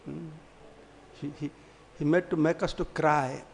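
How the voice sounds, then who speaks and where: A man's voice: fairly high pitch, fairly even intonation, measured pace, creaky. A man giving a devotional class, telling stories and acting out the voices in them. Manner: storytelling, acting out quoted voices, often laughing. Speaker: monk giving a scripture class.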